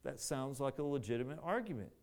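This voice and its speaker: A man's voice: mid-range voice, sing-song, fast talker, darkish tone. A man preaching a sermon, earnest, often repeating words as he searches for the phrasing.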